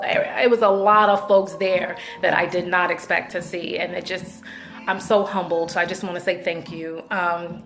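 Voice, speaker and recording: A woman talks straight to her viewers in a loose, chatty way, gushing and quick with thanks. Her voice sits in an ordinary middle register. Soft music plays faintly behind her. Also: medium pitch. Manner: effusive, chatty, thankful shout-outs. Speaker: show host. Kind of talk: casual video chat.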